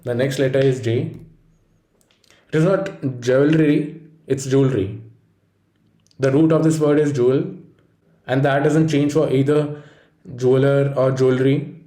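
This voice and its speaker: A man reads out a pronunciation lesson, steady and explanatory. His voice is mellow and dark. The room around him is echoey. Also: mid-range voice, normal speed, pauses often. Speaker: pronunciation teacher. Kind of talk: scripted instructional narration.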